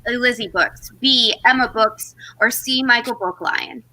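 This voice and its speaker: A woman with a fairly high, bright voice hosts a casual trivia quiz over a video call. She reads out questions and tells stories in quick bursts. She laughs often between them. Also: rough recording. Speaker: quiz host.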